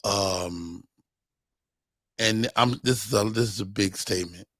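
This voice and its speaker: Bright-voiced male host, dry sound. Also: lowish voice, no echo. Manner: playful, quick banter. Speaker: podcast host. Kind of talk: casual chat.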